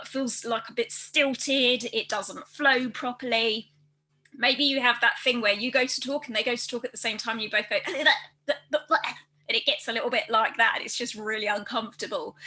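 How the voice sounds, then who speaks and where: A woman presenting a workplace training video, speaking fast and loudly with careful articulation. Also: fairly high pitch, poor audio. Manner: fast, loud and well articulated.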